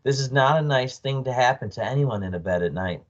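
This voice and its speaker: A man reading a children's book aloud as storyteller, expressive with small slips. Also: mid-range voice, a little fast, lo-fi sound. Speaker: storyteller, read-aloud narrator.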